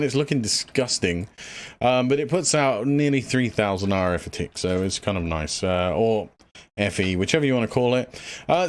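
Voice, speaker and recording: Rambling, breathless man streaming a game. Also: mid-range voice. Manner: rambling, lots of fillers, thinks aloud. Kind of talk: casual gameplay livestream chat.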